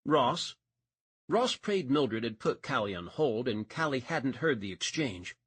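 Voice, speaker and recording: A man's voice: medium pitch, sing-song, normal speed, a bit bright, slightly rough. A man narrating a romance audiobook, reading expressively and changing voice for each character.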